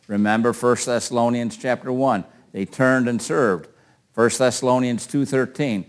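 A man's voice: medium pitch, fairly even intonation, measured pace. An older man teaching a Bible class in a conversational way, asking questions and calling on readers.

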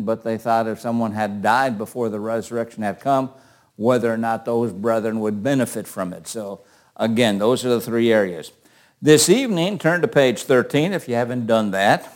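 Older man, Bible class teacher, conversational, asks the room questions. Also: mid-range voice.

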